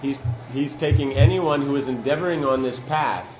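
A man's voice: medium pitch, normal speed, darkish tone, roomy sound, lo-fi sound, slight background noise. A man giving a sermon-style scripture class, earnest and emphatic, using Sanskrit terms.

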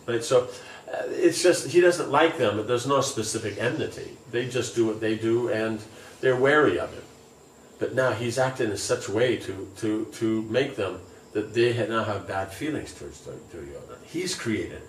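A man's voice: lowish voice, lively intonation, fairly quick, slight background noise. A man reading scripture aloud and explaining it casually, with many fillers, in a distant, roomy recording. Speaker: scripture teacher. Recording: roomy, distant, faint ambience.

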